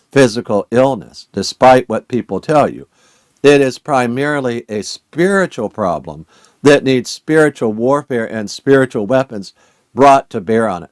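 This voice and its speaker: A man's voice: medium pitch, no echo. A man teaching a Bible study as a sermon, earnest and urging, asking his listeners many rhetorical questions.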